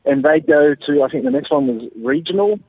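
A man calling in to radio, telling a story in a hesitant, halting way. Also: a little high, animated, husky, no room sound. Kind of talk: phone-in story. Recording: dry tinny phone line.

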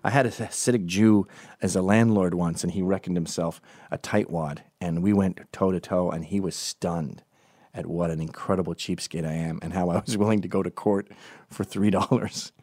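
A man with an American accent telling comic stories in a rambling, digressive way with deadpan asides. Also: sits low, moderate pace, no room sound, clean studio sound. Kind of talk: comedic storytelling monologue.

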